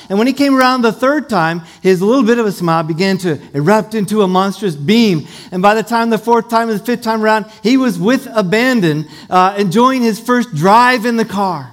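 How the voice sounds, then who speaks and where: A middle-aged man preaches to his congregation, his voice sitting high for a man. He tells a warm family story in a storytelling manner. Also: moderate pace, hardly any pauses. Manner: storytelling, leads call-and-response. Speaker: pastor. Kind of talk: sermon.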